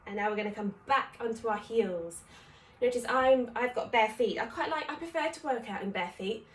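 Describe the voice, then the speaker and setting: A woman's voice: on the high side, normal speed. A woman leading a home workout at a chatty, encouraging pace, counting reps and getting out of breath as she exercises. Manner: breathless from exercising while talking. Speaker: fitness instructor. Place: home room. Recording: echoey room, voice from a distance.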